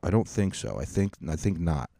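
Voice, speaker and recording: Casual comedic storytelling comes from a podcast host in his thirties whose crude, rambling tales carry a mocking tone. His low-pitched, mellow voice has vocal fry and lively intonation at a moderate pace, recorded dry at studio quality with no room sound.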